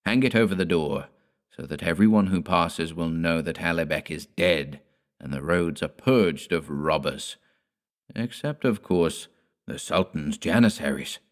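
A man voicing a cold, boastful old vampire patriarch in an audiobook, speaking slowly and wearily. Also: low-pitched. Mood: grim.

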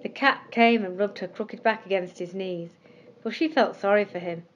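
A woman storyteller reading children's bedtime stories aloud in a gentle, expressive way, slowing down on key words. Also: medium pitch, muffled recording, a little hiss or hum. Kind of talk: scripted bedtime story narration.

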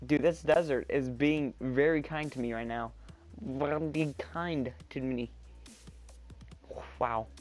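A man giving chatty let's-play commentary, rambling and getting excited as he plays. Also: medium pitch. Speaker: gameplay commentator. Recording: quiet background music. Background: faint background music.

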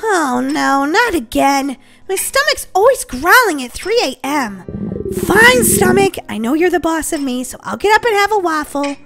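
A woman's voice: extremely high pitch, sing-song, normal speed, vocal fry, music in the background. A woman hosting a game roleplay, talking jittery and dramatic as her character. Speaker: host.

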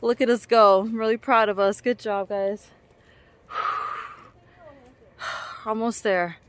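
A woman vlogging outdoors on a mountain trail into a handheld camera, tired and out of breath, often exclaiming in a nervous, breathy way. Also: medium pitch, steady tone, takes it slowly, slight background noise. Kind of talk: casual vlog narration while hiking.

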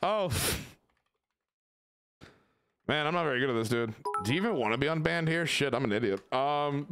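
A man's voice: mid-range voice, lively intonation, fast talker, background noise. A man streaming a game, chatting casually with his viewers, swearing and joking as he rambles. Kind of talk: casual live-stream chat.

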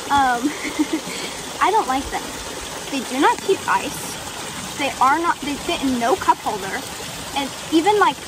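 A woman's voice: high-pitched, noisy background. A woman vlogging to her phone in casual chat, rambling and jokey, laughing often and swearing. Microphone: phone camera.

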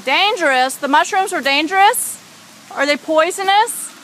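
A woman's voice: extremely high pitch, animated, normal speed, fairly bright tone, slight background noise, poor audio. A mother filming her small son in an outdoor garden, coaxing and teasing him in a playful way. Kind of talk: casual home video chat. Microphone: handheld camera mic.

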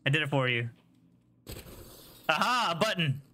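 A man's voice: a little high, big pitch swings, normal speed, sharp tone. A man streaming a video game live, chatting casually, joking, swearing and laughing a lot as he plays. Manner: jokey, laughs often, swears, teases chat. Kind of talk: casual live gameplay commentary.

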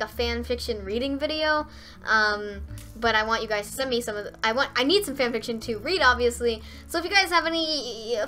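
A young woman gives live game commentary in a bright, slightly high voice. She talks straight to her viewers and shoots up into squeals and shouts when something goes her way. Faint music plays under her voice. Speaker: gaming streamer.

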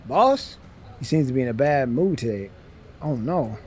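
A man's voice: medium pitch, expressive, moderate pace, background noise. A man hosting a let's-play video, joking in slangy casual talk to his viewers and reading the game's text aloud as he plays. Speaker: gaming channel host.

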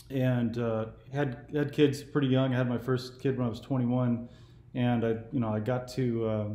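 A man in his forties, originally from California, chats in a loose, meandering way as the host of a casual call. His voice sits in a middle pitch. The recording has a noticeable room echo around it. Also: dark tone. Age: 40s. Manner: easygoing, meandering talk. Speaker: YouTube host. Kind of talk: casual phone conversation.

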